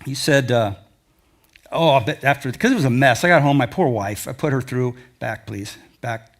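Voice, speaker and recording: An older man presents in a lecture hall at normal speed, his voice mid-range. As an adventure travel speaker, he tells the audience long-winded, folksy stories from his trips abroad.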